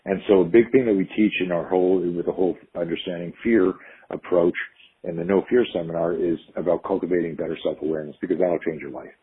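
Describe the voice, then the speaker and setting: A middle-aged man with a deep, very raspy voice tells stories from his years teaching self-defense. He speaks with energy, acting out what people said and often restarting his sentences. The recording sounds dull and lo-fi. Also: fast. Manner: animated, acts out quotes in stories, frequent restarts and swearing. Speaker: self-defense instructor, podcast guest. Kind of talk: conversational storytelling.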